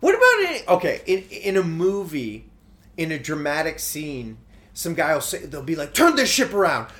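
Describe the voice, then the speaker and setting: A man's voice: a little high, very animated, normal speed, fairly bright tone. A man hosting a casual podcast who asks curious questions and prods the guest with hypotheticals. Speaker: podcast host.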